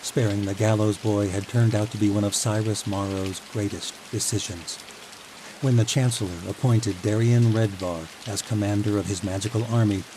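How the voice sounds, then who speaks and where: A man with a fairly low voice reads a fantasy audiobook calmly and evenly. Steady rain is clearly audible behind his narration. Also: noisy background.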